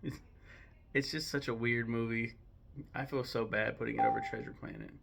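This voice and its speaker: Young man, gravelly mid voice, casual opinionated film commentary, digressive. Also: mid-range voice, steady tone, a little fast, very noisy. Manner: chatty, digressive, many ums and self-corrections. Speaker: host ranking films.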